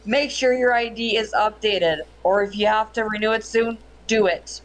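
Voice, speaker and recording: A woman's voice: medium pitch, normal speed, low-quality recording. Friendly woman guest on a chat show. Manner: friendly, laughing easily. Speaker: regular guest. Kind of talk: casual chat.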